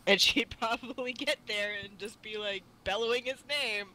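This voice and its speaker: High, very bright man playing a tabletop game. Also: moderate pace, poor audio. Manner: laughing, easygoing. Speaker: player. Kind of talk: casual tabletop play.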